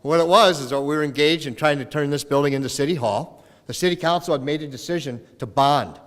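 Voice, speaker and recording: A man's voice: a little high, fast, fairly bright tone. A middle-aged man from Minnesota giving a farewell speech as retiring mayor, telling folksy stories and acting out the voices in them. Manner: folksy storytelling, acts out voices in anecdotes. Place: council chamber in city hall. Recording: long reverb of a council chamber.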